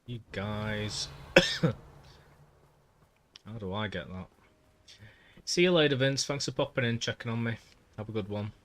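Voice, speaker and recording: A man's voice: fairly low pitch, measured pace, long pauses, a bit bright. A man streaming a game, chatting casually and muttering to himself as he plays. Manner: chatty, mutters to himself while playing, drops into accent impressions. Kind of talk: casual gameplay livestream chat.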